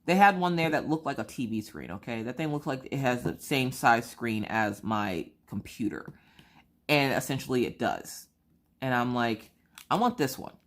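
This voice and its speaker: A woman's voice: a bass voice, expressive, normal speed. A woman hosting a crafting channel, telling a story in casual chat and acting out both sides of conversations.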